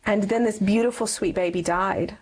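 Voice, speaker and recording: A woman's voice: medium pitch, moderate pace, a little mellow, breathy edge, poor audio. A woman in her forties giving a personal testimony in an interview, earnestly telling her story and acting out past conversations. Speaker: guest.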